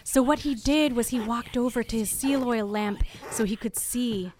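A woman telling a folktale in a slow, deliberate way, often dropping to a whisper for suspense. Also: a little high, a little mellow, a little hiss or hum. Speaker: storyteller. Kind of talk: oral folktale narration.

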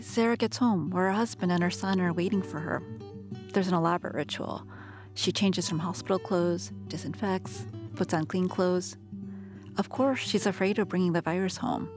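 A woman reporter reading a calm, measured scripted narration. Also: fairly low pitch, music in the background.

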